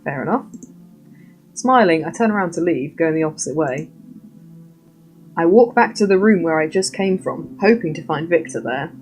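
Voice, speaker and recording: A woman's voice: low voice, lively intonation, normal speed, long pauses, darkish tone, soft background music. A woman reading a story game aloud as narrator, with wry, playful asides of her own.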